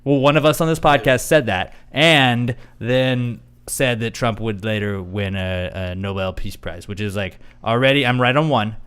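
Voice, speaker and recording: Laid-back man with a smooth voice. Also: mid-range voice, moderate pace, few pauses. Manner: loose and joking, drops into loud mock-outraged shouting for impressions. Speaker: podcast co-host. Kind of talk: casual comedic banter.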